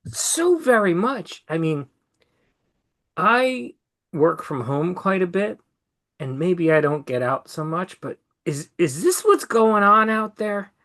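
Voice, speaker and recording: A woman's voice: lowish voice, lively intonation, takes it slowly, a bit bright. A woman podcast co-host reacting to a story with incredulous questions in casual chat.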